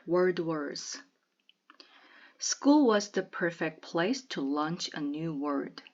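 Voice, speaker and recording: Slow, measured woman reading aloud. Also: lowish voice, muffled recording. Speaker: reader of a children's novel.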